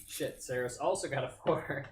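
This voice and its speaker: A man's voice: mid-range voice, normal speed. A man playing a tabletop game, easygoing and laughing often. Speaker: player. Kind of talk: casual tabletop game banter. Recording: noisy room.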